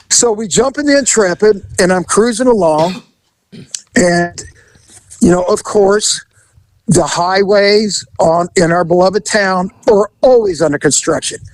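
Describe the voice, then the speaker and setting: A man hosting a podcast, telling an animated story in casual chat, acting out the voices and laughing as he goes. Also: high-pitched, a little slow, no echo, rough recording.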